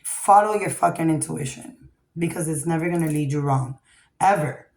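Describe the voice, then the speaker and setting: A woman with a fairly low voice runs a casual tarot reading in a blunt, foul-mouthed way, tagging "okay?" onto her points. The recording is roomy and echoey. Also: normal speed, darkish tone. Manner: blunt, profane, keeps asking "okay?". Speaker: tarot reader. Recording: echoey room.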